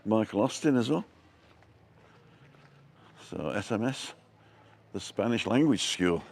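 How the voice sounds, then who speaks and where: A man's voice: fairly low pitch, animated, slow pace, gravelly, a little mellow, a little hiss or hum. A middle-aged man live-streaming a walking tour outdoors, chatting and greeting viewers by name from a handheld phone. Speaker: vlogger. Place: outdoors on town streets.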